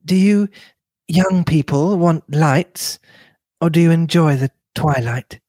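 A man voicing a polite, gentle young woman acting as hostess. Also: a little high, takes it slowly, no echo, studio quality, pitched above the performer's own voice. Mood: gracious.

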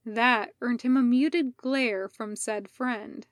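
A woman reading a fan fiction story aloud as narrator, slow and deliberate. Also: a little high, steady tone, no echo. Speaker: podfic reader.

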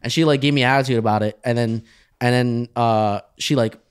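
A man co-hosting a podcast, telling a story in casual chat with many restarts, often trailing off quietly. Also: medium pitch, steady tone, a little fast, clean tone. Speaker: podcast co-host.

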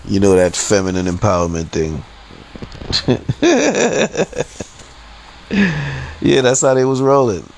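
Male podcaster, lowish voice, swears freely, repeats himself, faint hiss behind. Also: expressive, slow, gravelly, pauses often, poor audio. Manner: heated, profane, repeats himself a lot. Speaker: podcast host. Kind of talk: casual storytelling rant.

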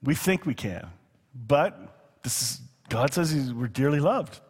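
A man preaching a sermon in a relaxed, conversational way, with quick asides and chuckles. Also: medium pitch, breathy edge. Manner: conversational, chuckling, slows down to read scripture. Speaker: pastor. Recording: long hall reverb.

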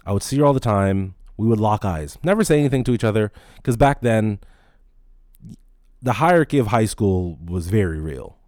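A man's voice: on the low side, lively intonation, moderate pace, darkish tone, no echo, studio quality. A man in his late twenties, a podcast host, telling a rambling, profane story in casual talk.

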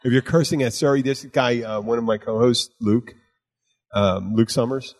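Husky man telling rambling stories. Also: mid-range voice, normal speed, big-room sound. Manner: rambling storyteller, profane, acts out both sides of conversations. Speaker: podcast host. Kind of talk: casual rambling chat.

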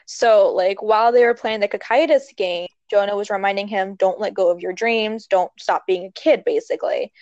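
A young woman talks through a movie plot in a loose, rambling way, full of fillers and asides. Her voice sits at a middle pitch. The sound is dry and a little dull, as if recorded close in a small space. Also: moderate pace, hardly any pauses, no room sound. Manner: rambling, expressive retelling with many fillers. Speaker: movie recap talker. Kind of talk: casual chat.

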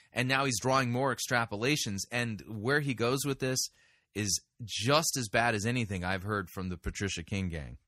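A man hosts a podcast reviewing sermons, offering critical commentary in a firm, corrective, argumentative tone. His voice is lowish and a little bright, recorded at studio quality without echo.

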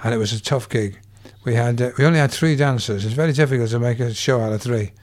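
An older English comedian, appearing as an interview guest, spins anecdotes and gags, slipping into quoted voices as he tells his stories. He speaks at a quick pace in a mid-range, slightly mellow voice.

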